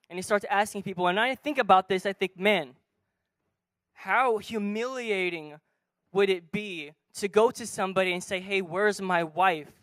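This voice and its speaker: A man preaches from a church stage in a high, smooth and resonant voice. He tells a story and acts out its dialogue, swinging between soft and loud. The recording is close and dry. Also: no room sound. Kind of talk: sermon storytelling.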